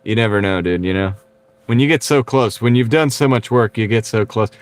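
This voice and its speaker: A man's voice: fairly low pitch, a little fast, smooth. A Texan man chatting casually on a livestream from his car, laughing often and reading out viewer comments. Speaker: livestreaming delivery driver. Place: car, while driving. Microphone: wireless clip-on mic.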